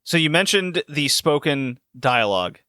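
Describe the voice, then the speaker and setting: A man's voice: a little high, sing-song, normal speed, bright, forceful tone, clear, resonant tone, dry recording, studio quality. A male podcast host chatting casually and animatedly about video games, laughing often. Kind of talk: casual chat.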